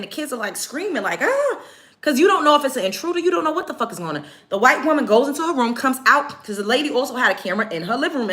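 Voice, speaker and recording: A woman's voice: fairly high pitch, bright, forceful tone. A woman hosting a livestream, retelling events to her chat in a heated, profane, emphatic rant. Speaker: livestream host.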